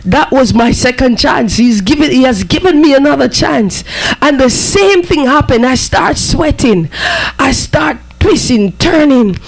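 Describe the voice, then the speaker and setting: A man's voice: extremely high pitch, animated, measured pace, vocal fry, slight background noise, low-quality recording. A man preaching a fervent sermon, breaking in often with amen and praise be to God.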